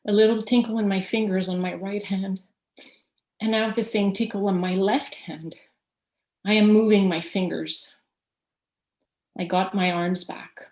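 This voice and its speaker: A woman's voice: mid-range voice, steady tone, unhurried, pauses often, a little mellow. A woman reading aloud from her own memoir in an earnest, reflective way. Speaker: guest speaker. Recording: roomy echo.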